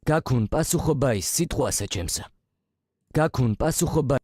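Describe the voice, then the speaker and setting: A man voicing a king's unit-select line in a video game, with a steady, formal delivery. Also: mid-range voice, moderate pace, no room sound, clean studio sound, close to an everyday voice. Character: Georgian king unit-select voice, a solemn male ruler.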